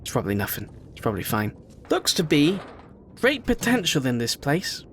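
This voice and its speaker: A young man giving casual let's-play commentary on a game, rambling, excitable, sometimes shouting and swearing at what happens. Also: fairly high pitch, normal speed, a little hiss or hum. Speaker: gaming video host.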